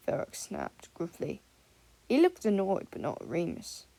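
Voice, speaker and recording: Gravelly-voiced woman reading an audiobook. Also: on the low side, huge pitch swings, a little slow, warm tone. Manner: reads dialogue with small shifts between characters. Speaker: audiobook narrator. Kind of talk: fan fiction audiobook reading.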